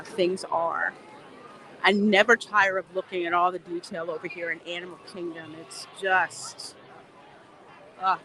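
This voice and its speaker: This livestream host is a woman with a fairly low pitch and a sharp tone. She walks outdoors in a theme park, chatting casually, laughing often and reading viewer comments out loud, while faint outdoor noise sits behind her.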